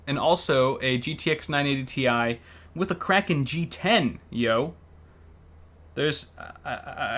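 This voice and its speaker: A man's voice: on the high side, fairly bright tone. A man hosting and casually commenting on builds in an easygoing, chatty way with lots of fillers. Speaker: host.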